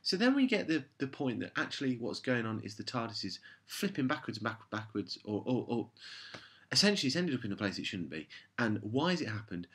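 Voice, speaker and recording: Exasperated husky-voiced man reviewing. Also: mid-range voice, sing-song, fairly quick, fairly bright tone. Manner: exasperated, rambling, sarcastic. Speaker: show reviewer. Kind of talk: casual review monologue.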